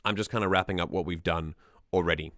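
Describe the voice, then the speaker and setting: A man's voice: deep voice, steady tone, quick pace, fairly bright tone, dry recording, clean studio sound. A man streaming casual music-analysis commentary, enthusiastic and rambling, often restarting his sentences.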